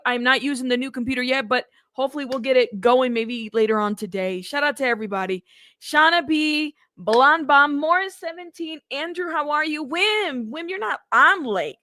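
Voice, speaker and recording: A chatty woman in her thirties hosting a casual livestream, greeting viewers one after another and rambling about family life. Her voice sits a bit higher than most women's. The sound is close and dry, with no room around it. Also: sharp tone, no echo. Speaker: livestream host.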